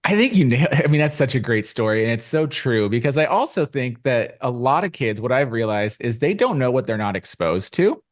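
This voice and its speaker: A middle-aged man talking as a finance guest in a podcast interview, explaining with rhetorical asides and lively emphasis. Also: medium pitch, fairly quick, hardly any pauses. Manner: animated, explanatory, rhetorical "right?". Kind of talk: conversational interview.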